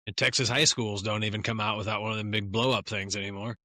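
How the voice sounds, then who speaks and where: A man hosting a podcast who talks fast, with a lowish, bright voice. He jumps in eagerly, and the mic sounds dry and close. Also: flat delivery, dry recording. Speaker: podcast host. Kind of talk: casual chat.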